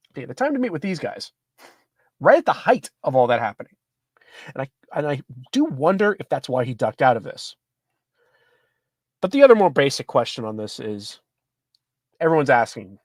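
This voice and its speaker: A Catholic commentator from the United States reading an article aloud and commenting on it with sardonic asides. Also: male voice, mid-range voice, dry recording, studio quality. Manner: animated, sardonic, laughs at his own reading.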